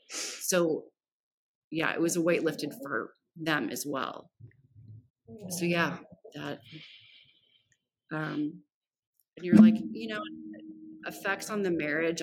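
A woman guest on a podcast telling a personal story frankly and with energy, acting out what people said and swearing casually. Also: low voice. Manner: frank and animated, acts out quoted dialogue, swears casually.

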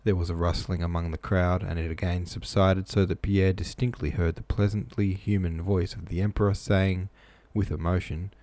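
A man's voice: low-pitched, little pitch movement, moderate pace, few pauses, a little mellow, no echo. A man reading a novel aloud, plain with casual asides, close-miked in a small room. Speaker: reader.

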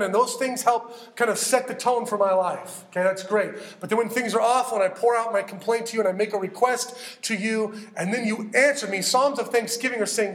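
Animated high-voiced male preacher. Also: moderate pace, reverberant. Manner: animated, acts out prayers in character. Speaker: pastor. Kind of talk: sermon teaching.

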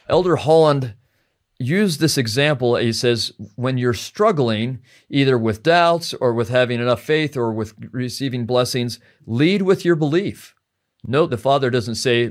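A man who teaches scripture, a podcast guest, talking through a passage in a heartfelt, reflective way and slowing down to stress key phrases. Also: medium pitch, animated. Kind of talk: conversational scripture discussion.

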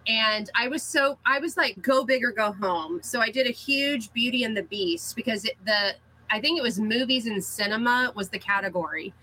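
A middle-aged woman, a cookie artist, chatting as a guest and telling lively anecdotes with frequent laughs. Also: fairly high pitch, moderate pace, breathy edge, rough recording. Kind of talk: casual interview storytelling.

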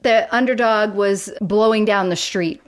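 A woman co-hosting a podcast, chatting casually in a lively way and laughing often. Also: medium pitch, a little slow. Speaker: podcast co-host. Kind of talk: casual chat.

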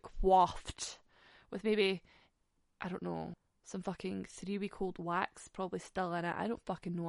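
A young Scottish woman telling a dating story on a podcast in a sweary, sarcastic, animated way. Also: mid-range voice, no echo, studio quality. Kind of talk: casual storytelling.

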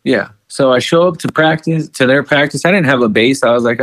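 With a mid-range voice at a fairly quick clip and no audible room sound, a man who makes music and co-hosts a podcast tells a story casually. He curses liberally, stays animated, and acts out what people said.

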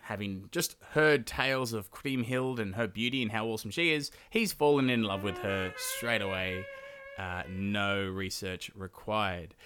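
A man's voice: lowish voice, measured pace, background noise. A male podcast host casually retelling an old legend on his own, chatty and irreverent, with plenty of filler "uh"s. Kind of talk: casual solo storytelling.

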